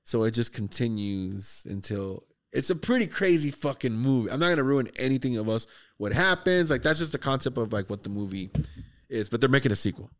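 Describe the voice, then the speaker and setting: A man hosting a podcast, excitedly retelling a horror movie plot in casual, profane, rambling chat. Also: mid-range voice, brisk. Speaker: podcast host.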